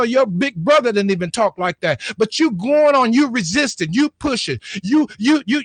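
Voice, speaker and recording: A middle-aged man with a high voice preaches to his online flock in a call-and-response style. He repeats words, restarts his lines and urges listeners to talk back. The sound is dry, with no room around it. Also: fairly bright tone, no echo. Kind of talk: motivational sermon to camera.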